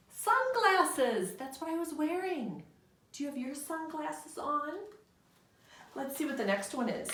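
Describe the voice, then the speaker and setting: A woman's voice: on the high side, distant mic. A woman teaching young children a remote lesson on the calendar and rebus words, in a patient, sing-song teacher voice with call-and-response. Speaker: kindergarten teacher. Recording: roomy home recording, voice somewhat off-mic.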